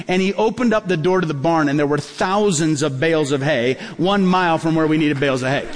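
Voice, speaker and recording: Long hall reverb colors this recording of a man preaching as a pastor at a fairly quick pace, barely pausing. His voice is a little high, and he tells stories with animation, acting out the dialogue in them.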